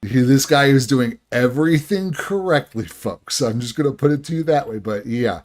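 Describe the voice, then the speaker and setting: Male live-stream host, medium pitch, animated reaction commentary with stumbling restarts. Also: normal speed. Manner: animated, laughing asides, frequent restarts.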